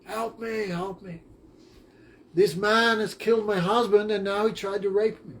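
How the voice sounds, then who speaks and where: Brief: cruel lustful wife, man voicing her in a class story, scheming and shrill. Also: steady tone, measured pace, fairly bright tone. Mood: crying out. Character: cruel, lustful married woman.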